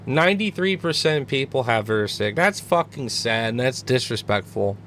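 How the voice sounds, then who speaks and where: A man co-hosting a casual sports podcast, talking in a laid-back, profane way that drops soft and quiet. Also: mid-range voice, animated, normal speed, slight background noise. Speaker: podcast co-host.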